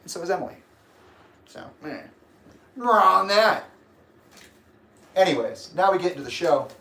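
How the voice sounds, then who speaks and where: A man ranting casually on a livestream, swearing and emphatic, with sudden bursts of shouting. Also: a little high, fast. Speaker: livestream host.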